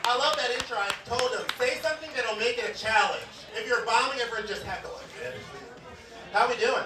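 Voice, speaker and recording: A man's voice: extremely high pitch, a little fast, distant mic. A male stand-up comedian opening his set with loose, chatty talk to the crowd. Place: comedy club stage. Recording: echoey club room, crowd noise.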